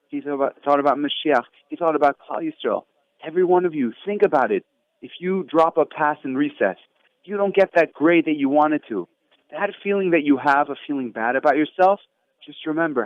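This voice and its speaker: Animated rabbi telling stories over tinny radio. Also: male voice, brisk, no room sound. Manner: animated, acts out quoted voices with big pitch jumps. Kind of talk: storytelling sermon for kids. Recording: tinny phone-line radio sound.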